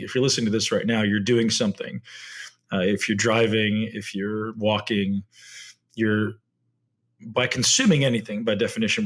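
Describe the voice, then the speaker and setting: Husky, low-voiced man musing aloud. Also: fairly bright tone. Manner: reflective, asks rhetorical tag questions. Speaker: podcast host. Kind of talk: solo podcast monologue.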